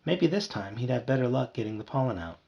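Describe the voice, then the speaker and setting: A man reads a children's chapter book aloud with lively ups and downs in his pitch. His voice has a gravelly edge, and the recording sounds a little dull and muffled. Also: quick pace. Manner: lively, voices characters with higher shouts. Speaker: audiobook reader.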